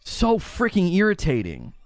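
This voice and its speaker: A man's voice: high-pitched, wildly swooping pitch, measured pace, creaky, no room sound. A man streaming live, grumbling in exasperation and repeating himself as he rants about gaming news.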